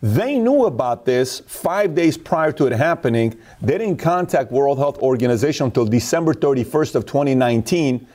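Man, mellow tone, forceful opinionated talk-show delivery. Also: medium pitch, animated, moderate pace, few pauses. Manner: emphatic, storytelling with acted quotes.

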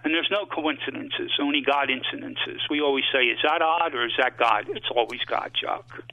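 A man, a priest guest, telling a halting and emotional personal story on call-in radio. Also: medium pitch, dry recording. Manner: halting, emotional testimony with many fillers. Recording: phone line.

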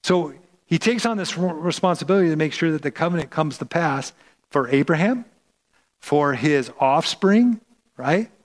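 A man's voice: on the high side, lively intonation, normal speed. A male pastor preaching a sermon in a conversational way, often repeating and restarting words.

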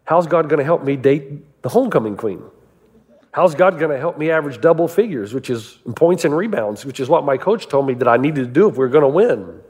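A man preaching a sermon, telling stories and asking his listeners rhetorical questions in an animated way. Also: a little high, brisk, husky, long reverb tail. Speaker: pastor.

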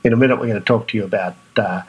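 Australian male podcast host, husky timbre, casual and animated, acts out voices. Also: very fast, lo-fi sound. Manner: animated, acts out other people's reactions in a higher voice. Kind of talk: casual monologue.

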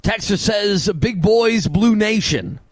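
A man hosting a sports radio show in a studio, talking in animated, preachy banter. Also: high-pitched, takes it slowly. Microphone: studio microphone.

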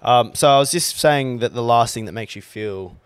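A man's voice: medium pitch, moderate pace, smooth. A man co-hosting a podcast, telling funny stories in casual, swearing chat. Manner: laughing, swearing, animated storytelling. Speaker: podcast co-host.

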